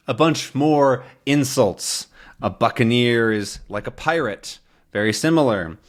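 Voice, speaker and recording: A man hosting a lesson, reading a comic with beginner English learners and explaining words slowly and plainly. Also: mid-range voice, lively intonation. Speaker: English teacher, channel host.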